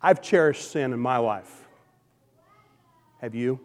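A male pastor preaching a sermon, swinging from loud emphatic questions to soft, hushed appeals. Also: medium pitch, slow pace, big-room sound.

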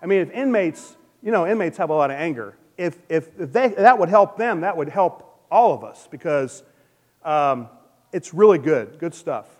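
A man preaching a sermon as pastor, earnest and personal, swinging between loud emphasis and a soft, gentle hush. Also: fairly high pitch, lively intonation, normal speed, long reverb tail.

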